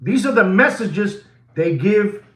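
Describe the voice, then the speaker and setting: A man giving a watch market update, theatrical and animated, swinging from loud calls to hushed asides and dropping Spanish phrases into his English. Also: high-pitched, takes it slowly, echoey room.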